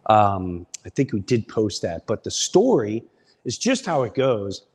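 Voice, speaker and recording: A man's voice: on the low side, unhurried, husky, big-room sound. A young man, a comedian, telling stories casually and animatedly as a podcast guest. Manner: animated, acts out voices. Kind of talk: casual storytelling.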